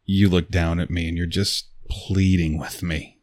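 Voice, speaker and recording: A man telling an intimate second-person erotic story, with a slow, teasing delivery into a close mic. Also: low-pitched, level tone, darkish tone, dry recording.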